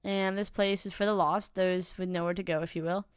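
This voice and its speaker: Woman voicing a gentle, motherly young woman. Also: lowish voice, steady tone, a little fast, clear, resonant tone, dry recording, clean studio sound, close to an everyday voice. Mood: reassuring. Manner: gentle and reassuring.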